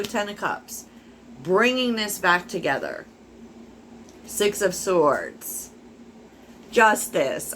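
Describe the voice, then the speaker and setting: A woman's voice: on the low side, a bit bright, a little hiss or hum. A woman giving a casual tarot reading to her viewers, musing aloud as she talks, with many fillers. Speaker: tarot reader.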